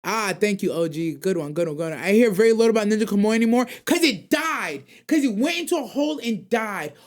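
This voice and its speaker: A man's voice: sits high, animated, fast. A young man hosting an anime call-in radio show, chatting casually and reading viewer comments in loose, slang-heavy rambles.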